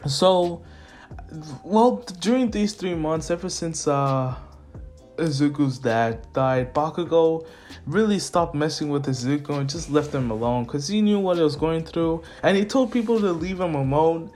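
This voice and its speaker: A man rambles through a fan what-if story in a casual, chuckling way. He corrects himself as he goes while soft lo-fi music plays behind him. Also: on the high side, expressive, unhurried. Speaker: YouTube storyteller. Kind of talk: casual fan-fiction retelling. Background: faint lo-fi music.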